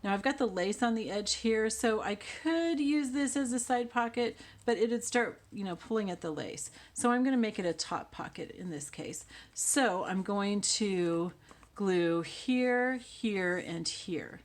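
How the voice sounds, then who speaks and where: A woman hosts a relaxed crafting tutorial, chatting and thinking out loud as she works and frequently slipping into quiet mutters. Her voice is medium in pitch and her pace is a little slow.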